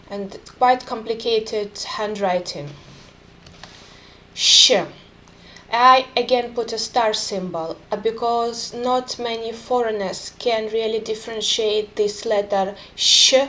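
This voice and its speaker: Slow, careful woman teaching the alphabet. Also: a little high, a bit bright. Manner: careful, deliberate, with frequent "uh" fillers. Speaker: Russian language teacher. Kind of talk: slow instructional alphabet lesson.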